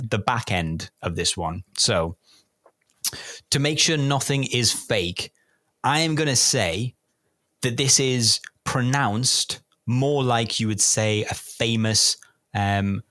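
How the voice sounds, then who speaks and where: A man's voice: on the low side, pushed and bright, no room sound. Guy hosting a podcast guessing game, playful, dry close sound. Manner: playful, puts on comic accents. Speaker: quiz host. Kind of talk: casual podcast chat.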